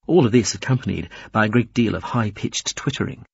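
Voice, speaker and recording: A man narrating an audiobook in an expressive, varied reading. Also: lowish voice, brisk, gravelly, slightly rough, muffled recording. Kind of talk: scripted narration.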